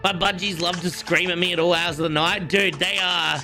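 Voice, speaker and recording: An Australian man chatting through a live gameplay stream, cocky and playful with his viewers. His voice is slightly high, bright and edgy, with a gravelly fry running through it, and faint game music plays underneath. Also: fairly even intonation, normal speed. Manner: playful, cocky banter with chat. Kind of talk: casual live gameplay commentary.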